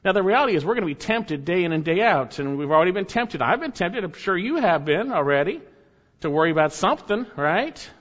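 Man, pastor, sermon, high voice, emphatic and repetitive, long hall reverb, muffled sound. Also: big pitch swings, fairly bright tone. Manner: emphatic, repeats key phrases, slows to stress words.

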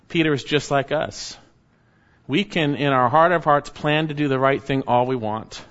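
A man's voice: mid-range voice, fairly bright tone, in a large hall, highs cut off. A man preaching an expository sermon, reading scripture verses aloud and then explaining them in an earnest manner.

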